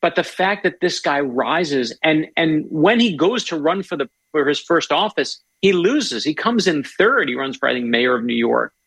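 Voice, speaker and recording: An enthusiastic man telling stories in a casual interview and tripping over his own restarts. His voice has a gravelly rasp. The recording is dry and close. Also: on the high side, expressive, moderate pace, few pauses, fairly bright tone, dry recording, poor audio. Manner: enthusiastic, storytelling, restarts often. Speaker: author guest.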